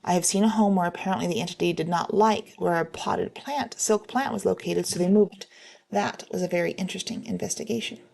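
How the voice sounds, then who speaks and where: A woman reading online stories aloud in a plain, steady way, with a few slips and restarts. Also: on the low side, gravelly.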